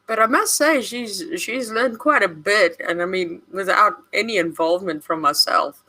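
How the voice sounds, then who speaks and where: A woman's voice: medium pitch, moderate pace, bright, forceful tone, low-quality recording. A woman co-hosting a livestream, easygoing, chatting and answering viewers' comments. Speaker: livestream co-host. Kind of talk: casual livestream chat.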